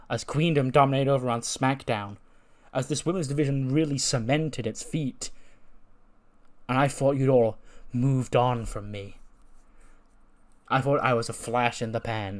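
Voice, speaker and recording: A man voicing an arrogant woman wrestler delivering a grandiose, menacing promo at a measured pace. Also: mid-range voice, lightly acted.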